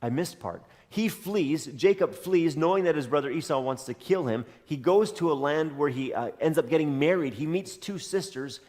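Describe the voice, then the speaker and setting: A man's voice: on the high side, animated, moderate pace, hardly any pauses, darkish tone. A man preaching a sermon as a pastor, telling a story in a conversational way with dry jokes. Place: church sanctuary. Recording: long hall reverb.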